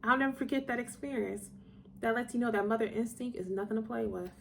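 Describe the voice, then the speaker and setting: A middle-aged woman telling a personal story to her viewers, chatty and digressive, getting animated when she recalls moments. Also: fairly high pitch, fast talker, vocal fry, slight background noise. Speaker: vlogger telling personal stories. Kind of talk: casual storytelling to camera.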